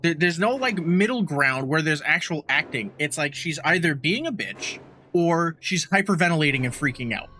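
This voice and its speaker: A man co-hosting a casual podcast, recapping a horror movie in a profane, animated way. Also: a little high, normal speed, a little hiss or hum. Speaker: podcast co-host.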